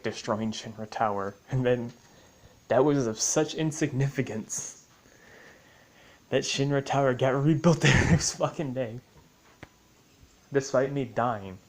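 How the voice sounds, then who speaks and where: A man's voice: mid-range voice, rough recording. A man casually recapping a game story, swearing and joking as he acts out other players' lines. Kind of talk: casual rambling recap with acted-out quotes.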